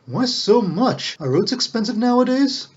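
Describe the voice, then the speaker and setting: A man voicing a smooth-talking young male con man with a bold, cheeky manner. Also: extremely high pitch, big pitch swings, moderate pace, voice pushed up, full character voice. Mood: bold, eager. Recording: dull lo-fi recording.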